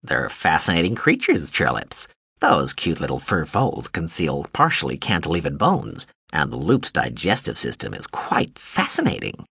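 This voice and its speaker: An irascible little war drone in an audiobook, as a male narrator puts it on, dropping into a low, flat, clinical register. It sounds husky and dry, as if stating facts no one asked for. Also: moderate pace, no echo, exaggerated voice. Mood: clinical, unbothered. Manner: cool, clinical, matter-of-fact. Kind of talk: audiobook character voice.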